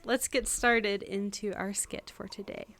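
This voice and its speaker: A woman's voice: medium pitch, fairly even intonation, unhurried. A woman co-hosting a history podcast in casual chat, upbeat and teasing, laughing often. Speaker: podcast co-host.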